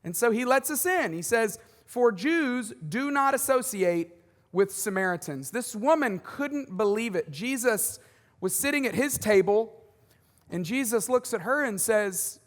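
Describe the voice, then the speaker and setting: A man with a high voice delivers a sermon in a lively, conversational way, tossing in quick jokes and asides. His voice carries the long reverb of a large church auditorium. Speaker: pastor.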